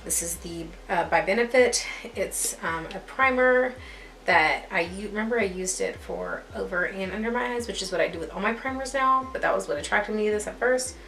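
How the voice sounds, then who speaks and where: A woman's voice: medium pitch, fairly quick, fairly bright tone. Young woman, casual self-deprecating beauty vlogger, rambling chat to camera, roomy echo. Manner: chatty, self-deprecating, laughs at herself. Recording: echoey room with faint music.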